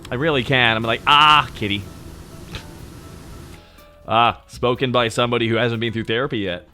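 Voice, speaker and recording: A man in his thirties with a naturally deep voice, chatting casually and teasingly with his stream audience, close to the mic. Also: fairly even intonation, quick pace, bright, forceful tone, soft background music. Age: 30s. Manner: joking, teasing, talks straight to chat. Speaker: VTuber streamer. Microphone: close to the microphone.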